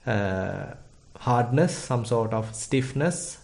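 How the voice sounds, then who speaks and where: Mellow-voiced Sri Lankan monk teaching. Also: male voice, mid-range voice, lively intonation, gravelly. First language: Sinhala. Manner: measured, thoughtful, pauses with frequent fillers. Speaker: Buddhist monk teaching meditation. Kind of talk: meditation instruction talk.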